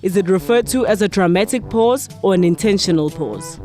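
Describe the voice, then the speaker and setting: A woman's voice: medium pitch, lively intonation, fairly quick, dark tone, faint music behind. A woman hosting a podcast quiz, reading questions in casual chat, teasing the players and laughing often. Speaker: podcast host running a quiz.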